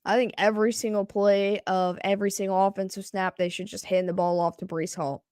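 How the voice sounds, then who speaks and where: A woman co-hosting a live game reaction stream, calling plays with excitement and laughing often. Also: medium pitch, brisk, clean tone, no room sound. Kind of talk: live play-by-play and casual reaction.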